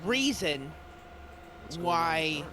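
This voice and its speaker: A man's voice: on the high side, expressive, drawn-out words, crowd noise. A man with a Northeastern American accent, chatting animatedly and swearing freely during a let's play, often stammering. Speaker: streamer. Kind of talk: casual chat.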